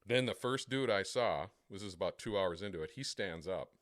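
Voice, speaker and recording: Deep-voiced guy on a podcast, crude profane storyteller, dry close mic. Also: lively intonation, a little fast, fairly bright tone, dry recording. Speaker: podcast co-host. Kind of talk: casual storytelling chat.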